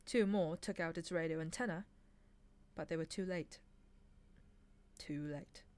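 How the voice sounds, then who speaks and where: Woman with a lowish voice reading aloud. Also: fairly even intonation, normal speed, darkish tone. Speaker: reader. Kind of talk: audiobook reading.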